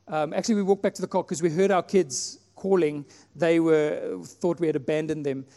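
A man from South Africa preaching a sermon in a church, telling a personal story and acting out his own prayers with animated delivery. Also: on the high side, moderate pace. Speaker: pastor. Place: church hall. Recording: long hall reverb, faint music.

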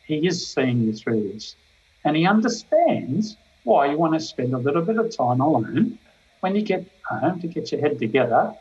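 An older man, a police chaplain giving an earnest, emphatic devotional talk full of stories. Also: medium pitch. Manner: earnest, emphatic preaching with storytelling. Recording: slightly dull, lo-fi recording.

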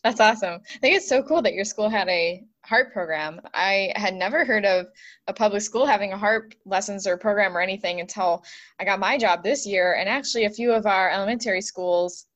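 A woman with a Buffalo accent interviewing a guest, chatty and quick to laugh at herself. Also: medium pitch, fairly bright tone. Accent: Buffalo, New York. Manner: chatty, self-deprecating, laughs easily. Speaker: interviewer, music teacher. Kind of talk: casual interview chat.

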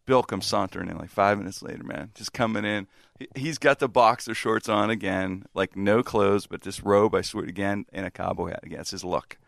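A man's voice: lowish voice, fairly quick, gravelly, no room sound, clean studio sound. A man casually telling a funny anecdote, acting out the people in it and laughing often. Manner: animated, laughs a lot, acts out quotes. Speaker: storyteller in a chat.

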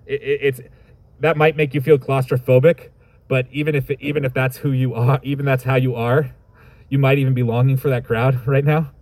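A man's voice: mid-range voice, darkish tone, dry recording. A man preaching a sermon, reading scripture and reflecting on it in a thoughtful, conversational way with informal asides.

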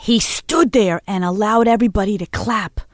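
A woman's voice: mid-range voice, normal speed, no echo. Lady cohost dishing celeb gossip, super emphatic, dry studio mic. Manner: animated, emphatic, gushing. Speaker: co-host. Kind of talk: casual celebrity gossip chat.

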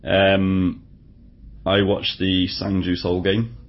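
A man's voice: low-pitched, monotone, slow. A man co-hosting a casual football podcast, recapping results with dry, wry understatement. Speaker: podcast co-host. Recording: dull lo-fi podcast audio.

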